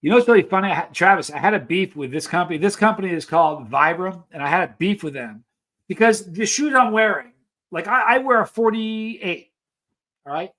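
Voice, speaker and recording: A man with a fairly high voice hosts a casual live stream. He rambles through stories and reads viewer messages aloud in an easygoing chat. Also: animated, a little fast, a bit bright.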